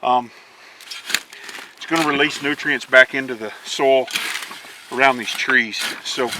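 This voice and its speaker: A man's voice: medium pitch, steady tone, a little slow, heavy background noise. A man casually explaining outdoor homestead work in an easygoing, plainspoken way, with frequent restarts. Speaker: homesteader showing his work.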